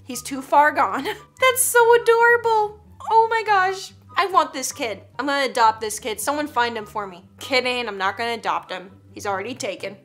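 A woman's voice: high voice, lively intonation, moderate pace, fairly bright tone, soft background music. A woman hosting a casual reaction video, joking and teasing with frequent giggles. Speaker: YouTube reaction host.

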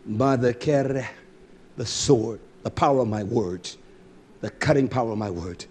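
A man preaching a fiery sermon, cursing and shouting, then dropping to low muttering. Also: sing-song, measured pace. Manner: shouting, cursing and swinging between loud outbursts and low muttering. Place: religious feast gathering.

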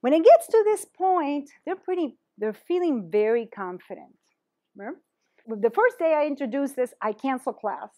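A woman's voice: high voice, big pitch swings, normal speed, mellow. A woman presenting a teacher-training workshop, talking animatedly and dropping in Spanish phrases.

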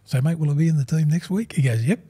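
A man's voice: a little high, fast talker, warm tone, breathy edge. A man in his sixties with an Australian accent, a guest in a casual interview, telling rambling stories, acting out old conversations and calling the host "mate" at every turn. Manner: rambling, calls the host 'mate' constantly, acts out old conversations. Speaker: guest, former rugby league front rower.

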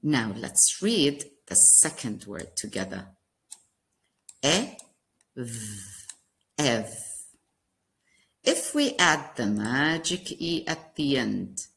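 A woman teaching a kindergarten phonics lesson, sounding out letters and words slowly in a sing-song way for small children. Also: extremely low pitch, gravelly, fairly bright tone, roomy sound.

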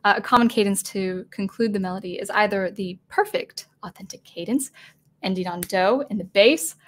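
A woman's voice: mid-range voice, normal speed. A woman teaching music composition in a casual video lesson, thinking aloud with many fillers and restarts, her throat getting dry. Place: at home with a digital keyboard.

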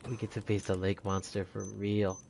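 A man giving casual let's-play commentary on a horror game, excitable, swearing and joking with his viewers. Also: on the low side, moderate pace, vocal fry, a little hiss or hum. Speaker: gaming YouTuber.

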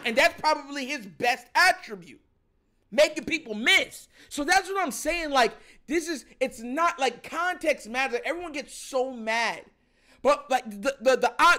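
A man hosting a sports show, ranting in animated, filler-heavy commentary about his team. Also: very high-pitched. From Jamaican family.

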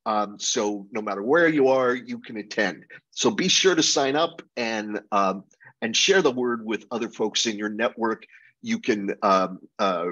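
A man presenting a project update in a webinar, halting with fillers and restarts. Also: on the low side, highs cut off. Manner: halting, many fillers, animated plugs.

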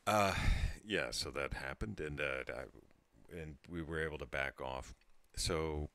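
A man's voice: very deep voice, slow pace, creaky, bright, forceful tone, clean tone, dry recording. A tipsy man in his thirties telling a rambling story to his channel, laughing and breaking off mid-sentence. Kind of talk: casual storytelling monologue.

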